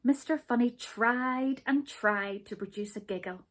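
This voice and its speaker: A woman reading a children's story aloud, gentle and expressive. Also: fairly high pitch, measured pace.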